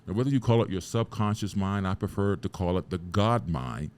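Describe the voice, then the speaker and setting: A man's voice: deep voice, brisk, a little mellow. A man hosting a podcast, giving an emphatic, preachy motivational talk full of rhetorical questions and casual swearing. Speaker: podcast host.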